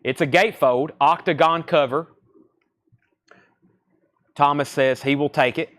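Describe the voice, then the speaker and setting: A man with a Southern accent hosting a live record sale, listing titles and repeating prices in quick sales patter. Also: fairly high pitch, steady tone, a bit bright. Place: record shop surrounded by crates.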